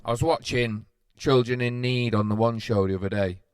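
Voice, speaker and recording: A man co-hosting a podcast, making wry deadpan quips and telling stories slowly. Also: mid-range voice, smooth, no room sound. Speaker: podcast co-host. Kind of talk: casual chat.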